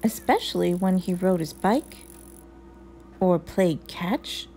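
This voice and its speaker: A woman reads a children's picture book aloud at an unhurried, gentle pace. Her voice carries a gravelly, creaky texture, and soft music plays faintly behind her. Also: lowish voice, poor audio. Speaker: storyteller.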